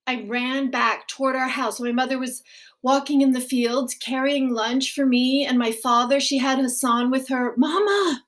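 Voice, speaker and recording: A woman reading a graphic novel aloud, in a gentle, unhurried storytelling manner. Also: high-pitched, little pitch movement. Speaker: audiobook reader.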